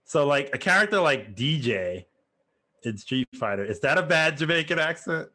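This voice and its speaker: A man's voice: fairly high pitch, very animated, moderate pace, bright, forceful tone. A man co-hosting a podcast, talking casually in a blunt way and swearing freely. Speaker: podcast co-host. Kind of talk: casual chat.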